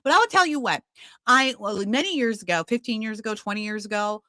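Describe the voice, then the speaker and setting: A woman in her fifties hosts her podcast with impassioned, confrontational commentary. Her voice is bright and sharp, a bit high for a woman. It is recorded dry on a close mic. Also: quick pace, no room sound. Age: 50s. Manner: impassioned, confrontational, shifts into loud outbursts. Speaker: podcast host.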